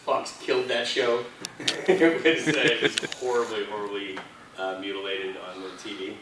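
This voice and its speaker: A man's voice: lowish voice, fairly even intonation, normal speed, noisy background. A man telling chatty anecdotes as a guest on a convention panel. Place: convention hall. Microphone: filmed from audience seating. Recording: echoey hall from far off.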